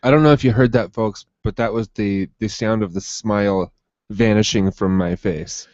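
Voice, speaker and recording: A man's voice: on the low side, normal speed, a little mellow, no room sound, highs cut off. A man co-hosting a podcast in casual chat, with a dry, sarcastic delivery. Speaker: podcast co-host.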